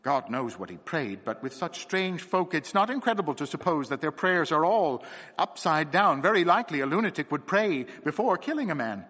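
A man voicing a nervous, excitable young curate who stammers and trembles, in a reverberant space. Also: high-pitched, brisk, few pauses, breathy edge, voice pushed up, heavily acted. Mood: feverish. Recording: long reverb.

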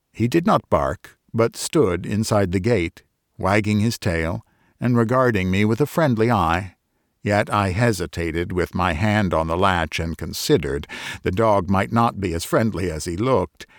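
A man hosting a story show, reading a first-person tale in a measured, deliberate way. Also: lowish voice, no echo, clean studio sound. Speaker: storyteller host.

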